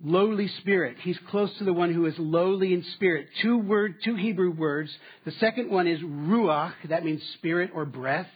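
A man preaching a sermon, moving between strong statements and quiet asides. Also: high voice, moderate pace, few pauses, husky. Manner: dynamic preaching, dropping to quiet asides with laughs. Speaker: pastor. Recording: slightly dull, muffled sound.

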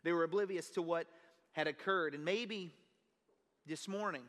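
A pastor preaching a sermon, telling a personal story in an earnest, conversational way. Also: male voice, a little high, moderate pace, a bit bright. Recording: long reverb of a large hall.

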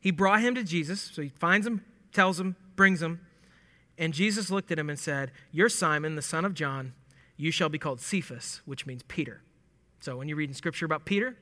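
A man's voice: fairly high pitch, normal speed, bright, forceful tone. A man teaching through a Bible passage in a casual, joking way, acting out lines with laughs. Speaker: preacher teaching scripture. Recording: long hall reverb.

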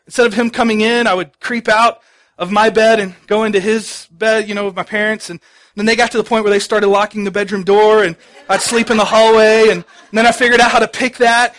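A pastor giving a sermon, telling stories in a conversational way with many fillers. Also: male voice, high voice, a bit bright. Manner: conversational storytelling with frequent fillers.

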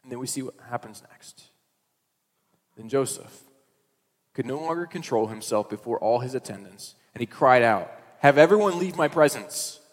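A man's voice: medium pitch, normal speed, pauses often. A male pastor giving a sermon, retelling a story in a conversational way with casual asides. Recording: reverberant hall.

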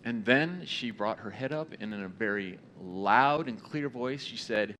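A male pastor giving a sermon in a conversational way, with fillers, his phrases often trailing off softly. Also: on the low side, expressive, measured pace, hardly any pauses, slight background noise.

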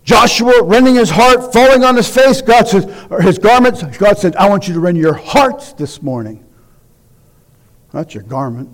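A man with a high-pitched voice preaches to a congregation as a visiting minister. He reads scripture in a measured way, then pushes his points with emphatic, urgent exhortation. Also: expressive. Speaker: guest preacher. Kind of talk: sermon with scripture reading.

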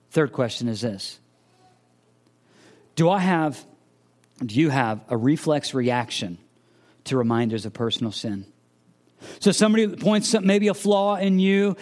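A man's voice: medium pitch, animated, a little slow, long pauses, a little mellow. A man preaching a sermon, earnestly asking searching questions and acting out the voices of imagined listeners. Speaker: pastor.

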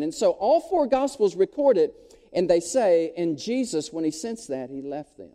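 A male pastor delivers an animated sermon and calls out to his congregation. His voice sits high and swings widely in pitch, with a very dark, mellow tone. A long hall reverb trails behind every phrase. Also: normal speed. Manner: animated preaching with crowd call-and-response. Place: church sanctuary.

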